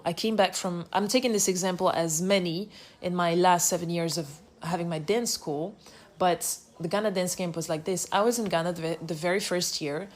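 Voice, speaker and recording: A woman with a French accent, hosting her own podcast in a casual, reflective monologue. She talks with energy, swears freely and drops French phrases into her speech. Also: fairly low pitch. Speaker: podcast host.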